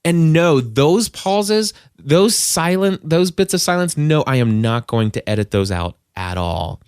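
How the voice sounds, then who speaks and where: A man's voice: fairly high pitch, expressive, a little slow, clean tone, no echo, studio quality. A middle-aged man hosting a podcast, giving casual advice in a rambling way, with frequent restarts and bursts of emphasis. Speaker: podcast host and coach.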